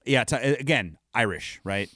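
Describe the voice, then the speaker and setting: Casual co-host, man, thirties, playful and profane, very animated intonation, dry sound. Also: mid-range voice, measured pace, dry recording. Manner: joking, laughs often, swears. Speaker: podcast co-host. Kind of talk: casual chat.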